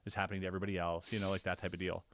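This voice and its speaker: A man on a podcast, casually recounting his own experiences as an animated storyteller whose voice jumps higher when he relives the scary parts. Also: very fast, slight background noise. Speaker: podcast co-host.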